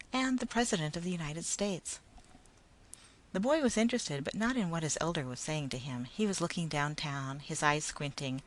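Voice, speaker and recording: A woman narrating a science fiction story in a steady, expressive reading voice. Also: low-pitched. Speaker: audiobook narrator.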